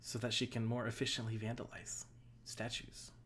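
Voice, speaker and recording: A woman co-hosting a casual podcast recap, laughing often and filling pauses with ums and mm-hmms. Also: rumbling low, flat delivery, very noisy. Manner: giggly, many fillers and mm-hmms. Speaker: podcast co-host.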